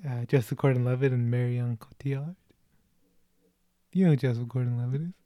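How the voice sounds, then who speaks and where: A man's voice: medium pitch, steady tone, a little fast, dark tone, no echo, clean studio sound. A man in his twenties hosting a casual movie chat, chatty, with lots of fillers and laughter. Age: 20s. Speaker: movie reaction host.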